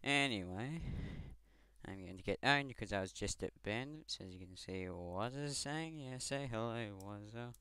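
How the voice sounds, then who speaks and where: Rambling Scottish teen gamer. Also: male voice, on the low side, expressive, normal speed, pushed and bright, smooth, no echo. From Scotland. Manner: rambling, swearing, self-mocking. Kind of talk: gameplay commentary. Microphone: headset mic.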